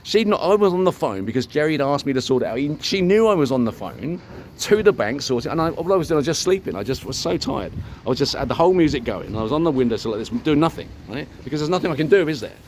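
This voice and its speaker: A man's voice: a little high, sing-song, quick pace, darkish tone, slight background noise. An older man tells a long, rambling story in a casual vlog, swearing freely and acting out the dialogue. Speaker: vlogger.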